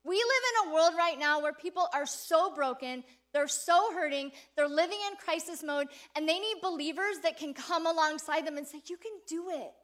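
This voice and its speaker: A woman giving a sermon, telling a personal story with animated delivery and frequent laughter before turning to an earnest call. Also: high-pitched, moderate pace, hardly any pauses.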